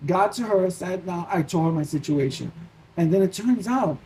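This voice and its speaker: A man with a New York accent, telling a personal faith story in a casual, animated way and acting out his own worried thoughts. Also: sits high, normal speed, a little hiss or hum, poor audio. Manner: animated, restarts often, acts out his own panicked thoughts. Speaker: Christian vlogger.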